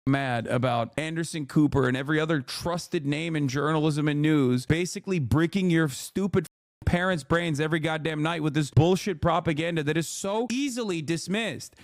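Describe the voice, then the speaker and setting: A man's voice: fairly high pitch, no echo, clean studio sound. A male streamer hosting a live commentary, ranting angrily and sarcastically with heavy profanity. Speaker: streamer host.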